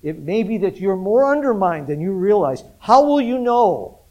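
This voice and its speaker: A man's voice: sits high, very animated, moderate pace, a little mellow, highs cut off. A man preaching an interactive sermon, talking casually, asking the congregation questions and chuckling often. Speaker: pastor.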